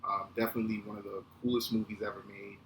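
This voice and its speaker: A man in his thirties hosting a podcast, telling a casual, animated, profane story. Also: lowish voice, fast. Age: 30s. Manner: animated, profane, acts out quotes. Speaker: podcast host. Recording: echoey room with faint ambient noise.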